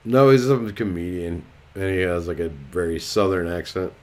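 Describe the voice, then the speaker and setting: A man's voice: sits low, moderate pace, a little mellow. A man hosting a casual livestream chat, talking in a laid-back way that trails off into mumbles. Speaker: host.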